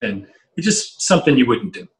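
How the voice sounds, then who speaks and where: A middle-aged man telling a long anecdote as an interview guest, animated and full of fillers and restarts, acting out the voices he quotes. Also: mid-range voice, brisk. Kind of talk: storytelling anecdote in casual chat. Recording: roomy echo.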